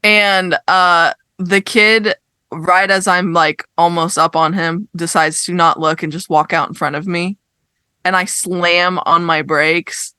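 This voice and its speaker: A young woman co-hosting a podcast, telling a story in casual chat, animated and exasperated, swearing as she rants. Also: lowish voice, slow pace, clean tone, dry recording. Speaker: podcast co-host.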